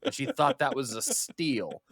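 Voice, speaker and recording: A man's voice: mid-range voice, wildly swooping pitch, measured pace, creaky, a bit bright, dry recording. A man co-hosting a gaming podcast in casual chat, making dry joking asides. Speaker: podcast co-host.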